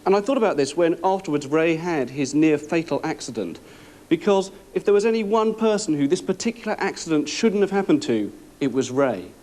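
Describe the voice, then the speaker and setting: A man's voice: a little high, animated, brisk, darkish tone. Mock-serious male sketch narrator.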